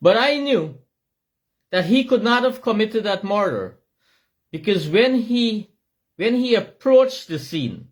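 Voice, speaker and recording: Impassioned and shouting, this Guyanese man in middle age repeats his words emphatically as he delivers a monologue. His voice sits high, and his accent is Guyanese.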